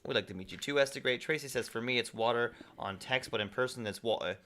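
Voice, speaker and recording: This fast-talking man, medium-pitched and sharp in tone, hosts a casual gaming livestream. He reads messages from the chat aloud and responds in a conversational way.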